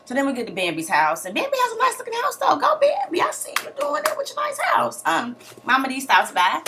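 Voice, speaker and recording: A young woman recapping a reality TV episode in a sassy, animated way, full of slangy asides and mock outrage. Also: high voice, fairly quick, heavy background noise. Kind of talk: casual recap commentary.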